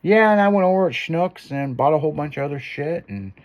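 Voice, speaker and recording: A man's voice: on the high side, fairly quick. A man hosting a casual chat, telling a long profane story with lots of swearing and acted-out quotes. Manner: profane, animated storyteller who acts out quotes.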